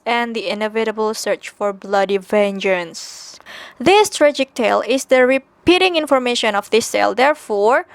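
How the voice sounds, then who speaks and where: A woman's voice: high-pitched, no echo. A woman teaching a recorded English grammar lesson, explaining patiently step by step with fillers and self-corrections; her first language is Indonesian.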